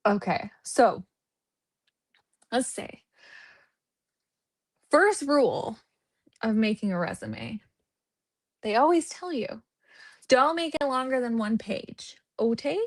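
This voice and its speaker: A woman's voice: on the high side, animated, takes it slowly, long pauses. A woman hosting a true crime livestream, chatting casually with sarcastic jokes.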